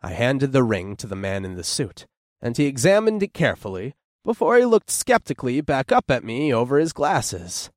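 Expressive male audiobook narrator. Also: mid-range voice, moderate pace, dry recording, studio quality. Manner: expressive, descriptive storytelling. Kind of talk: first-person scripted narration.

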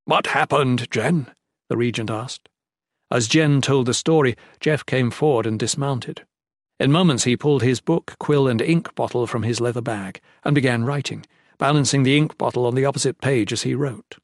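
A man of medium pitch narrates fantasy fiction for an audiobook, his pacing measured and steady. The audio is echo-free and has clean studio sound.

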